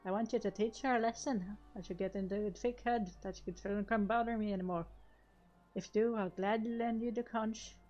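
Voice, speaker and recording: A woman voicing a gruff middle-aged male fisherman in a game, with a loose put-on accent. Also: medium pitch, fairly even intonation, moderate pace, dark tone, muffled recording, lightly acted. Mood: grumbling. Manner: grumbling, put-on vague accent.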